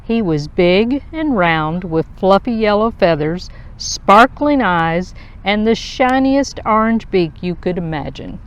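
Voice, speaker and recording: A woman reading a children's picture book aloud in a slow, expressive storytelling voice. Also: medium pitch, lo-fi sound.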